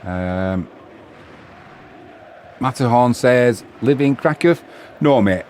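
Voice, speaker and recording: A man's voice: mid-range voice, animated, slow pace, a little mellow, a little hiss or hum. A middle-aged Englishman hosting a live match stream, chatting casually and bantering with viewers while commenting on the game. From England. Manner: chatty, bantering, reads viewer messages aloud.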